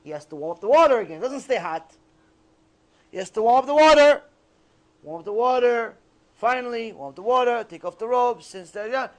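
A man giving a religious ethics lecture, telling stories and acting out the scenes with lively energy. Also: very high voice, brisk. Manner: animated, acts out scenes. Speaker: Torah teacher.

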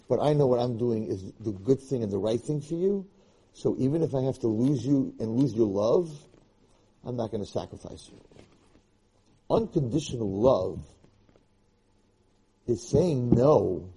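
A rabbi giving a Torah lecture speaks in a medium-pitched voice that is very dark and mellow with a husky edge. Passionate and emphatic, he hammers each point by repeating phrases and starting sentences over.

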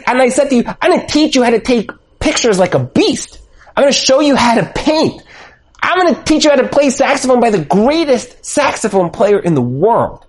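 A man teaching a Torah class in an emphatic preaching style, full of rhetorical questions. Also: very high-pitched. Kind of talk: sermon.

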